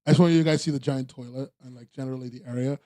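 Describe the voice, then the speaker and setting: A young American man hosts a podcast, rambling casually and laid-back, with frequent fillers and restarts. His warm, mid-range voice holds a steady tone while moving very fast.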